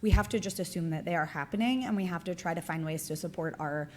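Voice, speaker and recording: A woman's voice: on the low side, fast talker. A woman in her thirties giving a conference talk in a chatty lecturing manner, often adding "right?" and "like" as she goes. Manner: conversational, frequent "right?" and "like" fillers. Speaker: conference presenter.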